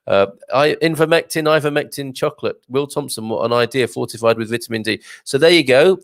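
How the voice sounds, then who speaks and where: Male host, gravelly voice, dry close sound, rambling chatty, laughs easily. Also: mid-range voice, no room sound. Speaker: live show host reading viewer comments. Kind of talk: casual live-stream chat.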